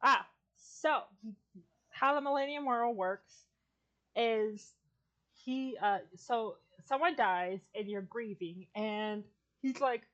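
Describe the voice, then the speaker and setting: A woman's voice: fairly high pitch, slow pace, fairly bright tone, highs cut off. A woman chatting casually on a podcast, rambling through an anime plot with lots of fillers, restarts and swearing. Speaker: streamer and podcast guest. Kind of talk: casual chat.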